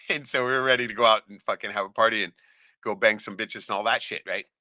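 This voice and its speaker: A man telling a profane story in casual chat, animated, laughing often and acting out the voices of others. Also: lowish voice, fast talker, no echo, studio quality. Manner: animated, swears a lot, laughs often, acts out quoted voices.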